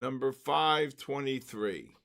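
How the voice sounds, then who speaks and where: Slow, lively-pitched man calling out numbers. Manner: drawn-out, repetitive number calling. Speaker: trading stream host. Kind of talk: live stream giveaway, calling out winners.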